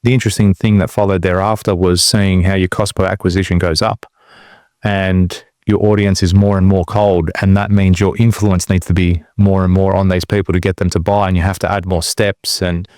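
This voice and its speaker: A man's voice: sits low, normal speed, no echo, clean studio sound. A man co-hosting a podcast, talking casually and telling stories from his business. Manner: relaxed storytelling. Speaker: podcast co-host.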